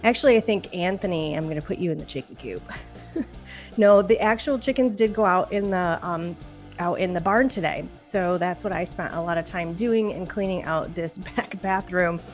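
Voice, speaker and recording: A woman's voice: lowish voice, normal speed. A woman hosting a casual live-stream podcast, chatty and emotional, laughing often as she talks. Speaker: podcast host. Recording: faint background music.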